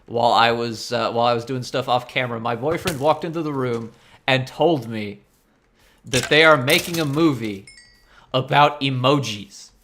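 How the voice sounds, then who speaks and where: Bright, animated man ranting over gameplay. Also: medium pitch, moderate pace, slight background noise. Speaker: gaming channel host. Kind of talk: casual let's-play rant.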